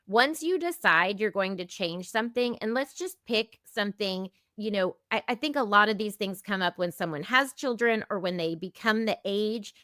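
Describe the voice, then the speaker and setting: Gentle woman in her fifties explaining. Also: mid-range voice, animated, normal speed, hardly any pauses, no echo, clean studio sound. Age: 50s. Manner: gentle, explanatory, acts out example dialogues. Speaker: eating disorder specialist guest. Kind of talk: casual podcast conversation.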